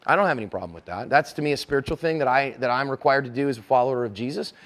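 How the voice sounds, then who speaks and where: A man's voice: mid-range voice, racing, a bit bright. A middle-aged man giving a conference lecture as a self-defense instructor, speaking conversationally and acting out dialogue in character voices.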